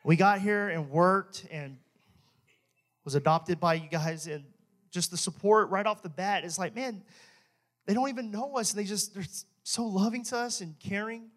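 Young male minister, high voice, lively joking testimony with frequent laughs. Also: moderate pace. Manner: animated, joking, laughs often. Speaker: church minister. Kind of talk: testimony sermon. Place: church.

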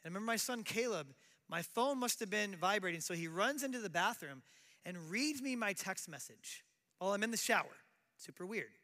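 Middle-aged male pastor, high bright voice, chatty sermon, long hall reverb. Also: animated, a little fast. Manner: conversational preaching with acted quotes.

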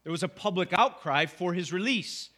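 A man with a high, bright voice delivers a sermon in a relaxed, conversational way. He keeps asking his listeners "right?" as he goes. It sounds like a pastor in a church. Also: normal speed. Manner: conversational, asks the congregation "right?".

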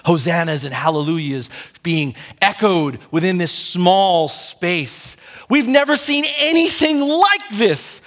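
A man preaching a sermon as pastor, conversational and animated, acting out little asides for his congregation. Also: mid-range voice, big-room sound.

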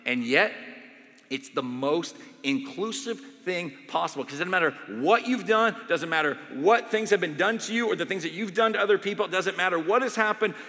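A male pastor giving a sermon in a conversational, animated storytelling way, in a church sanctuary. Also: sits high, brisk. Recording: long hall reverb.

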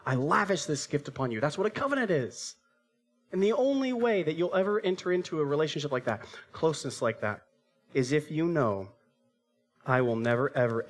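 A man's voice: mid-range voice, fairly bright tone. A man in his thirties preaching a sermon as pastor, telling a family story with acted-out voices and asking the congregation rhetorical questions.

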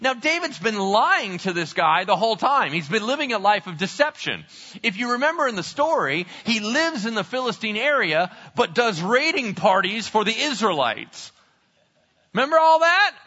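A man with a high, lively voice preaches with bright, forceful energy, acting out the voices of the characters as he retells the story. The sound is a little dull and lo-fi. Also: moderate pace. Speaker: pastor. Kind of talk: sermon.

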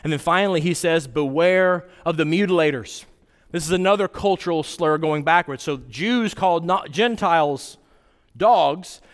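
A man preaching a sermon as pastor, conversational and animated, with sudden jumps in pitch. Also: moderate pace. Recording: long hall reverb.

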